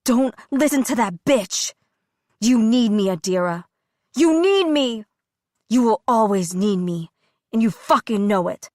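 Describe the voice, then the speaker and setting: A woman's voice: on the high side, expressive, unhurried, a little mellow, no room sound, studio quality. Woman voicing a venomous, controlling alter ego. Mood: menacing. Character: controlling female alter ego, menacing, manipulative. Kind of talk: audiobook character voice.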